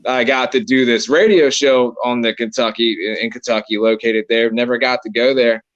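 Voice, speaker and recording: A man's voice: mid-range voice, fairly even intonation, normal speed, no echo, lo-fi sound. A man with a Maryland accent, a paranormal investigator co-hosting a casual podcast, who rambles along with lots of fillers and easy agreement. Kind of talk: casual chat.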